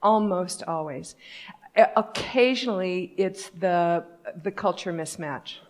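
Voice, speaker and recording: A woman's voice: on the low side, takes it slowly. A woman giving a conference talk on company culture, speaking bluntly and candidly in a conversational way.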